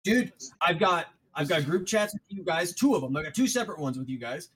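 A man, co-hosting a podcast, telling profane stories fast and with many restarts. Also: a little high, expressive, a bit bright, low-quality recording. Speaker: podcast co-host. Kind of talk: casual chat.

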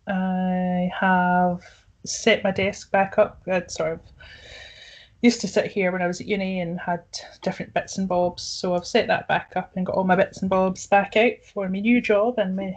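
A woman's voice: mid-range voice, low-quality recording. Chatty giggly woman podcaster. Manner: giggly, chatty, quick to laugh. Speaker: podcast co-host. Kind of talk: casual chat.

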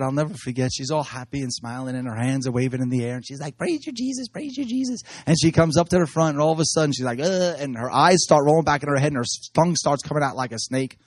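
A man preaching, telling excited stories from his services and often laughing as he talks. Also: mid-range voice, dry recording, clean studio sound. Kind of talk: animated sermon storytelling.

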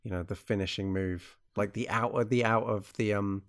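A man's voice: lowish voice, fairly even intonation, normal speed, fairly bright tone. A man chatting casually about a TV show, rambling with many restarts and fillers. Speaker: podcast co-host.

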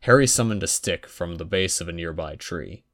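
A man narrating a fan fiction audiobook in a wry, even storytelling manner. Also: low-pitched, moderate pace.

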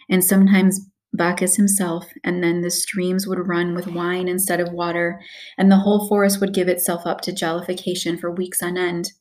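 A woman narrating a children's story aloud in a steady storytelling read. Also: fairly low pitch. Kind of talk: audiobook narration.

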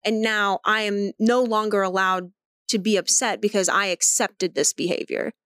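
A woman's voice: medium pitch, steady tone, moderate pace, fairly bright tone, no room sound, studio quality. A woman co-hosting a podcast in casual chat, talking things through at length, candid and swearing freely. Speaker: podcast co-host.

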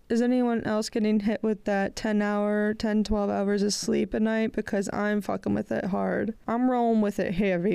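Raspy young woman with a head cold. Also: medium pitch, mellow, dry recording. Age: 20s. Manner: rambling, chatty, frequent "like" fillers, laughs often. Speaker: podcast host. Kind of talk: casual solo podcast chat.

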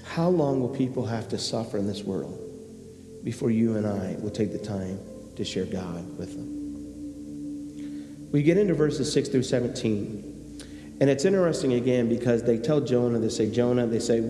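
A man's voice: medium pitch, darkish tone. A man preaching a sermon as pastor, telling a personal story and then acting out the characters before urging his church emphatically. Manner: storytelling, acts out characters, rising to emphatic exhortation. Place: church sanctuary. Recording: echoey hall with faint hum.

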